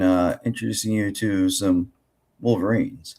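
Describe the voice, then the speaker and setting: A man hosting a casual podcast, hoarse and froggy from a cold, rambling with lots of fillers and restarts. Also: low voice, moderate pace. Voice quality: froggy, gravelly. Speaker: podcast host.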